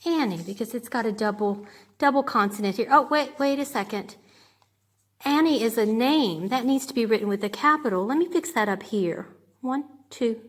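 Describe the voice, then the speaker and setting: A woman teaching a grade two class remotely, patiently sounding out words and checking in with "okay?". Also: fairly high pitch. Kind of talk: remote lesson for young children.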